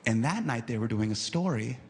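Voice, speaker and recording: A man doing animated stand-up storytelling on a live stage, acting out the people in his story. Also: medium pitch, fairly quick. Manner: animated, acts out characters. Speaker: stand-up comedian. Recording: loud live crowd and noise.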